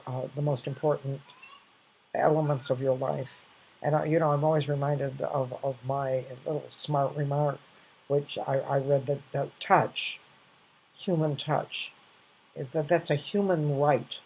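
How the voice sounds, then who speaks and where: Husky older woman telling stories. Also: rumbling low, low-quality recording. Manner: rambling, warm anecdotes with frequent restarts and fillers. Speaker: host sharing reflections. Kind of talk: casual reflective storytelling.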